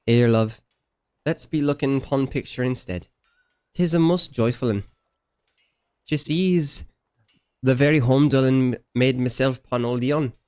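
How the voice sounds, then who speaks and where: A man's voice: medium pitch, measured pace, pauses often, a little mellow, clean tone, dry recording, clean studio sound, lightly acted. A man voicing a whimsical, quaint woman from an ancient forest home, speaking in old-fashioned, broken, poetic phrases with a sing-song lilt. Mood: dreamy, tender.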